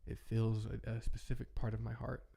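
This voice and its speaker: A man's voice: lowish voice, monotone, fairly quick, creaky, dark tone. A young man talking in a rambling, heartfelt way, chatting casually as a podcast host. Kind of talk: casual reflective chat.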